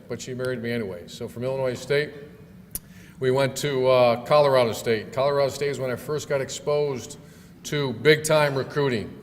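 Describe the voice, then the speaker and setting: A middle-aged man, a football coach, giving a banquet speech with jokes. He tells stories in a folksy way with many filler pauses. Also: medium pitch, steady tone. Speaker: football coach, guest speaker. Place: large banquet hall. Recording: long hall reverb, faint room noise.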